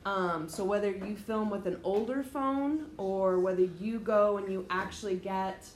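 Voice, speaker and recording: A woman's voice: mid-range voice, unhurried, slight background noise. A woman teacher giving a direct, emphatic classroom lecture, explaining things to her students step by step. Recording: echoey room, faint ambience.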